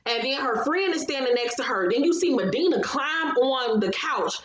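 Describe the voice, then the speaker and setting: A woman recapping a reality TV episode in casual chat, telling it with animated, profane storytelling and acting out what people said. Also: sits high, moderate pace. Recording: roomy echo, faint background noise.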